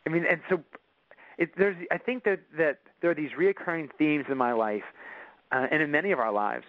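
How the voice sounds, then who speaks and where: A man's voice: on the high side, a little fast, no echo. Earnest man telling a personal story. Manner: earnest, with many restarts. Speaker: guest. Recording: dull dry recording.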